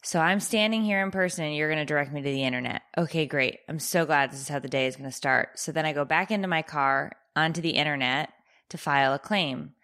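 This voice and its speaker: A woman co-hosting a podcast, telling an exasperating story in a casual, profane, deadpan-sarcastic way. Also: deep voice, fast talker. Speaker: podcast co-host.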